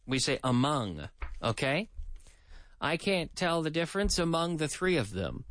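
Animated, fairly high-voiced male radio teacher. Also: unhurried, no room sound. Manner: chatty, mixes in translated explanations, talks to co-host. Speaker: radio English teacher and host. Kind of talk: lively radio language lesson.

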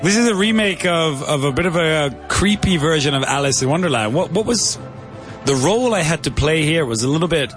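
A man's voice: fairly high pitch, expressive, fairly quick, fairly bright tone, soft background music. A man co-hosting an English lesson, explaining phrases in a friendly, casual way with frequent restarts. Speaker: English teacher and co-host. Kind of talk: casual teaching chat.

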